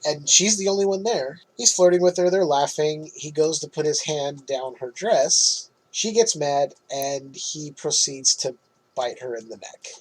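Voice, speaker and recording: A man hosting a podcast, casually recapping a film's plot in an animated way and laughing often. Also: a little high, slightly rough, low-quality recording. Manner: animated retelling, quick laughs. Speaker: podcast host.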